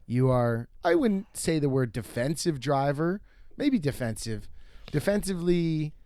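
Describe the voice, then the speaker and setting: A man's voice: on the high side, animated, a little slow, dark tone, no room sound. Laughing young man, dry sound. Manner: laughs often, mimics voices in quotes. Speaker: podcast co-host. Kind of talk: casual chat. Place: green room.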